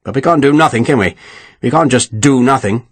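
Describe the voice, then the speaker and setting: A man's voice: mid-range voice, brisk, no echo, lightly acted. A man voicing an irascible, profane older Welsh general who blusters and scorns. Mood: furious.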